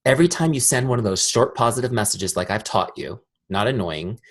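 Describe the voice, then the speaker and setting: Man, husky voice, direct and energetic trainer, quizzes the audience. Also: mid-range voice, a little fast. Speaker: sales trainer. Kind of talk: live training talk.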